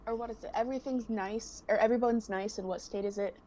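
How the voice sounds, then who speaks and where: A woman's voice: on the high side, fairly even intonation, dark tone, a little hiss or hum. A young woman, a guest on a casual chat, talking in a chatty, giggly way. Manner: giggly, chatty, quick to laugh.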